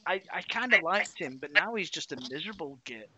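A man's voice: on the high side, animated, brisk, pushed and bright, breathy edge, no room sound, muffled recording. A man co-hosting a casual sports podcast, hesitant and restarting his sentences. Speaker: podcast co-host.

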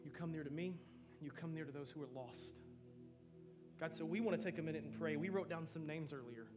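Pastor guy preaching, kinda high voice, earnest storytelling, music faint behind. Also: brisk. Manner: earnest, storytelling, says "man" often. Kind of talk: sermon.

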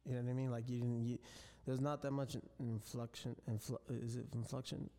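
A salesperson chatting casually on a podcast, talking loosely and searching for words. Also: male voice, medium pitch, level tone, moderate pace, warm tone.

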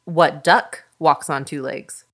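A mother telling jokes as a guest in a casual podcast chat, playful and unhurried. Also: deep voice, fairly even intonation.

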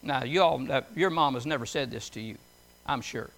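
A man's voice: medium pitch, normal speed, gravelly, fairly bright tone. A man preaching a folksy sermon, reading scripture and telling homely stories, often putting questions to his listeners in a conversational way.

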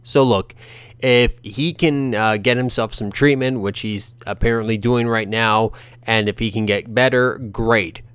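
A male podcast host giving opinionated boxing commentary, animated, ranting and sarcastic. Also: lowish voice, measured pace, a little hiss or hum.

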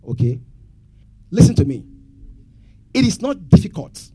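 High, animated pastor preaching. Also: male voice, a little slow, slightly rough. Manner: call-and-response questions to congregation. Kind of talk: sermon.

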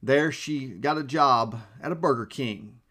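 A male preacher delivering a sermon in a friendly, conversational manner. His pitch sits in a plain middle range. He often chuckles, calls his listeners friends and asks them questions. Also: unhurried, bright, forceful tone.

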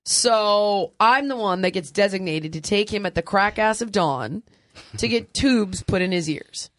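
A woman's voice: medium pitch, unhurried, dry recording, studio quality. A woman in her forties, a podcast host, telling a crude, funny family story in casual chat, laughing often. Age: 40s. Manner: animated, laughing, crude humor.

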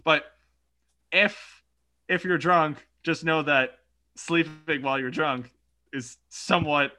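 Excitable young man, bright voice. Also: fairly high pitch, slow pace. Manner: animated, swears, laughs while telling a story. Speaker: podcast co-host. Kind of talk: casual chat.

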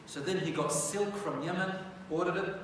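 A male religious teacher delivers a storytelling lecture on history in a loose, conversational way, repeatedly turning to his audience with questions. His voice is somewhat high for a man and a bit bright, at a moderate pace. He's picked up from far away in a big hall with a long echo and faint background hiss.

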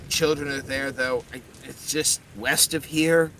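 A man voicing the cursed skull of a male werewolf gang member, talking in a rough, pained, gruff and slangy way. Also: mid-range voice, fairly even intonation, measured pace, pushed and bright, a little hiss or hum.

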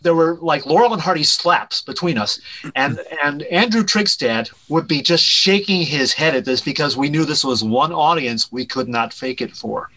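A man with a fairly high, bright voice tells a wild backstage story as an interview guest. He is animated and lets his voice drop low at each punchline. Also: moderate pace, low-quality recording. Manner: animated anecdote-telling, drops pitch at punchlines. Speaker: guest, director and writer.

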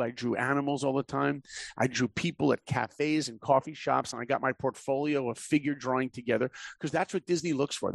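A man with a deep voice, a guest on a podcast, telling lively stories about his work in animation. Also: gravelly, no echo. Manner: lively storyteller who acts out voices. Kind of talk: casual interview storytelling.

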